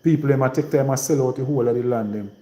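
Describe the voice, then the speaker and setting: Dark-voiced man with Trelawny Jamaican patois. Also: medium pitch, racing, echoey room, poor audio. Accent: rural Trelawny Jamaican patois. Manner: rambling and repetitive, in heavy patois. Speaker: live-stream host. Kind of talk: casual live-stream monologue.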